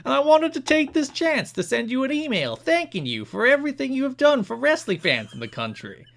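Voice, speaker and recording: A man voicing a brash male fan with a loud, high, nasal New Jersey accent, reading a letter aloud. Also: very animated, fairly quick, vocal fry, full character voice. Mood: gushing fan.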